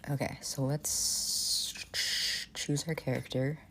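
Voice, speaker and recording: A woman streaming a choose-your-own-adventure game, thinking aloud in a relaxed, casual way and reading choices out. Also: very deep voice, slow, a little hiss or hum.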